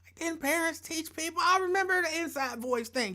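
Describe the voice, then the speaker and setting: Extremely high-pitched and fairly quick, this man hosts his own live stream, ranting casually. He rambles in an animated, playful, colloquial way, telling stories and repeating phrases to stress them.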